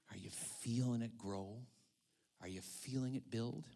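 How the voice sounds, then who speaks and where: A male pastor giving a dramatic sermon, swinging from hushed whispers to loud calls. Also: fairly low pitch, moderate pace, vocal fry.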